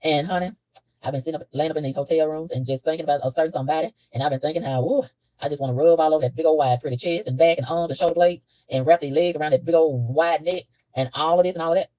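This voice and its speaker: A woman talking to camera in a casual spiritual monologue from a room, animated and preachy, laughing often and repeating words. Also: low voice, very fast, no echo, low-quality recording. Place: hotel room.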